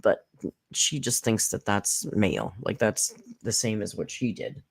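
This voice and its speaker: A woman's voice: very deep voice, animated, unhurried, vocal fry, breathy edge. A woman hosting a casual live reaction stream, snarky and profane, rambling with fillers, close to her mic. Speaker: commentary channel host. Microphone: close desk mic.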